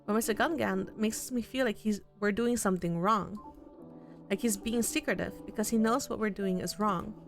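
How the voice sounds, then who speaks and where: A woman's voice: mid-range voice, normal speed, faint music behind, natural voice. A woman voicing an earnest, worried young man in a visual novel. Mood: upset. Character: earnest, anxious young man in his twenties.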